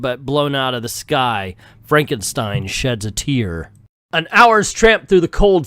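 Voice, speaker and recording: A man's voice: on the high side, fairly bright tone, clean tone, dry recording, clean studio sound. A man hosting a casual comic book recap, narrating the story in a jokey, self-mocking way. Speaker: comic book channel host.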